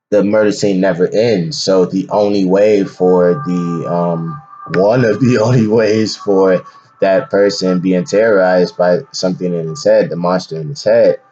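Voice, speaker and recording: A filmmaker explaining his film in a slow, rambling, slangy way full of fillers. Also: low-pitched, mellow, muffled recording, slight background noise. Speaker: independent filmmaker.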